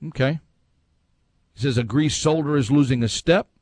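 A man's voice: medium pitch, normal speed, darkish tone, husky, dry recording. Man hosting a dry sports talk show. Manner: conversational, reads listener messages aloud and reacts with opinions. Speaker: sports talk show host reading listener comments.

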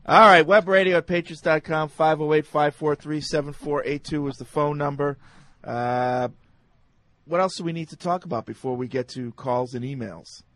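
A man's voice: a little high, fairly even intonation, moderate pace, fairly bright tone, no room sound. A man hosting a sports radio show, laid-back and asking questions. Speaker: host. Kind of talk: casual sports radio chat.

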